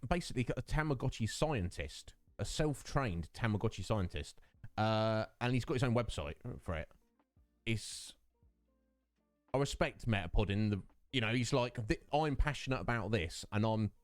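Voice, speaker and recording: Male streamer, casual chat, lively swooping pitch, dry close sound, faint music behind. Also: no echo. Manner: chatty, greets viewers by name, laughs often. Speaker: streamer hosting his own show. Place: home streaming setup.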